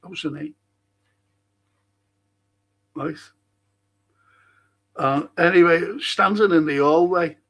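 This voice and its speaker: Older male stream host with a Liverpool accent, gravelly and husky, unhurried, swears and laughs. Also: fairly high pitch, fairly bright tone. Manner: chatty storyteller, swears freely, laughs at own stories. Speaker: livestream host reading chat. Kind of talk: casual chat.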